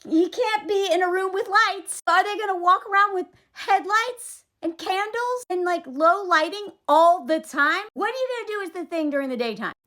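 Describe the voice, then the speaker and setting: A woman's voice: extremely high pitch, normal speed, few pauses, bright, forceful tone. A young adult woman giving a sarcastic, exasperated comedic movie recap. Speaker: video creator.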